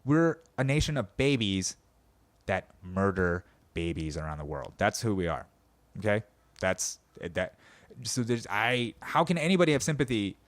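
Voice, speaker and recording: A man's voice: on the low side, sing-song, moderate pace, dry recording. A man hosting a podcast, delivering a sarcastic, profane comedic rant about politics and mocking people as he goes. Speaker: podcast host.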